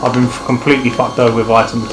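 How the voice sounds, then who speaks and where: A young man from Kent playing a racing game with a friend, loud and sweary, laughing at his own bad luck. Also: medium pitch, level tone, very fast, low-quality recording. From Kent, England. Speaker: gamer co-host. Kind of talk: casual gaming commentary. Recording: game music behind.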